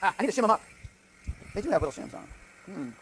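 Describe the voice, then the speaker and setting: A man's voice: sits high, big pitch swings, very fast, fairly bright tone, slight background noise. A man lecturing on physics in a lecture hall, thinking aloud with frequent restarts and "right?" checks as he runs a live demonstration. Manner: thinks aloud, many restarts and tag questions. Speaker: physics professor.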